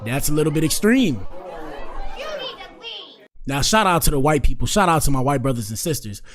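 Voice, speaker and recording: A man's voice: on the high side, animated, moderate pace, a faint crowd, a little hiss or hum. A young man hosting casual reaction commentary, talking in a conversational, opinionated way and repeating his points. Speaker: commentary host.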